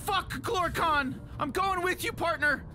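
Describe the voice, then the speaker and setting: A man's voice: extremely high pitch, measured pace. A man voicing a small, hot-tempered male alien monster who swears constantly and rambles in stammering outbursts in game dialogue. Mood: fired up. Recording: game audio under loud music. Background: loud game music.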